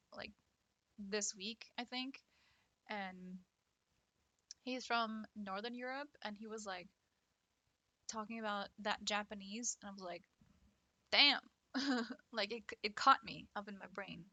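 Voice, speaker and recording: A woman's voice: mid-range voice, unhurried, sharp tone, no echo. A woman chatting casually with her stream chat while drawing. She laughs often and talks with lots of fillers. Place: home setup at a computer.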